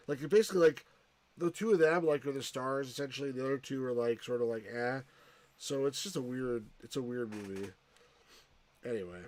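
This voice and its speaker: A man's voice: medium pitch, a little fast, darkish tone, dry recording. A man casually commenting on a retro computer game as he plays, rambling and often restarting his sentences. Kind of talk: casual let's-play commentary.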